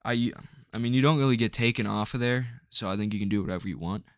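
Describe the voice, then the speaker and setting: A man vents to the camera in a loose, rambling rant, tripping over restarts and leaning hard on filler words. His voice sits at a middling pitch and sounds dry and close, with no room sound around it. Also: fast talker, smooth, no room sound. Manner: rambling and frustrated, full of "like" and restarts. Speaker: vlogger. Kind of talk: ranting to camera.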